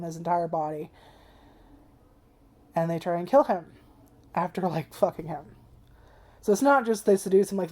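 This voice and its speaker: A woman reviews anime straight to camera in a loose, rambling vlog, swearing freely and leaning on "like" constantly. Her voice sits a little low and sounds soft and mellow. She gets emotional as she goes, tearful at times.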